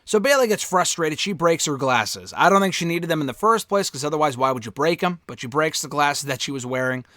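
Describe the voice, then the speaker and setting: Male reviewer, talks candidly and offhand, higher-pitched voice, dry close mic. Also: expressive, fairly quick, hardly any pauses, pushed and bright, no echo. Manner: candid, offhand, swears freely. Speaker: wrestling show reviewer. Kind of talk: casual spoken review.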